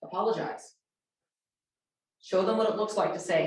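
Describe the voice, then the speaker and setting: A woman's voice: mid-range voice, normal speed, long pauses, a little mellow. A woman presenting a teaching workshop for educators, speaking directly and acting out sample conversations with students. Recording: very echoey room, voice distant from mic.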